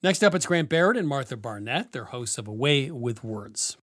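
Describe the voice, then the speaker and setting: A man hosting a cooking radio show, chatting with guests, curious and quick to laugh. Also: mid-range voice, animated, fairly bright tone, soft background music. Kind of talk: radio interview chat.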